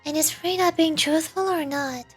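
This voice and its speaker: High-voiced chatty streamer woman. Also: normal speed, faint music behind. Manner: chatty, self-commenting, laughs often. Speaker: voice-acting streamer. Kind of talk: casual stream chat.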